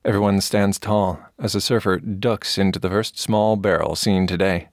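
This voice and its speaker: A man narrating an audiobook in an even, measured storytelling way, with a gravelly voice. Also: sits low, no echo, studio quality.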